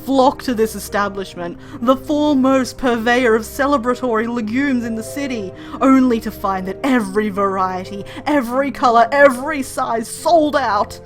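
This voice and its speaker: A woman voicing a vain, theatrical male bird villain from a game, speaking in grandiose, drawn-out phrases. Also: fairly high pitch, faint music behind, lightly acted. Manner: pompous, grandiose, drawn-out speech.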